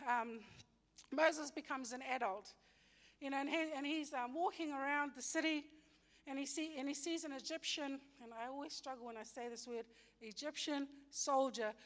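A woman with a high voice, speaking at a normal speed, teaches a Bible story in a loose, sermon-like way. She's chatty, full of fillers and restarts, and keeps correcting herself as she retells scripture in everyday slang. The recording carries a long hall reverb.

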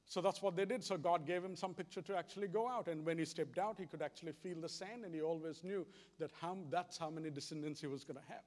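Guy preaching a sermon, acts out the dialogue, high voice, long reverb. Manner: animated storytelling, acting out dialogue.

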